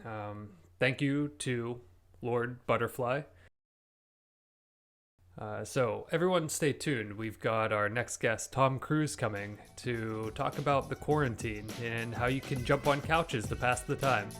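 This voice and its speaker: A man's voice: mid-range voice, slow, fairly bright tone, soft background music. A man hosting a comic talk show interview, speaking hesitantly with frequent fillers.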